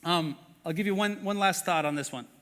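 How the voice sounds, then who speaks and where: A man's voice: high-pitched, a little fast, a bit bright, big-room sound. A man preaching a sermon as pastor, earnest and conversational, with many fillers and questions to the congregation. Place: church auditorium.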